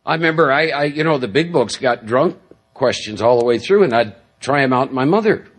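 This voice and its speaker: Middle-aged guy with a husky voice rambling through his recovery story at a meeting, lots of "you know"s. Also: mid-range voice, expressive, fairly quick. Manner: rambling, self-deprecating storytelling with many fillers. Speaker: recovery speaker. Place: large meeting hall.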